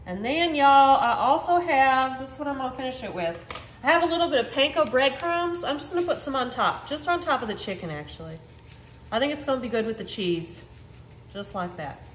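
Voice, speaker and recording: Chatting upbeat to the camera, a woman demonstrates home cooking for her viewers in a kitchen that echoes. She talks a little fast in a high, animated voice, with a little hiss or hum audible.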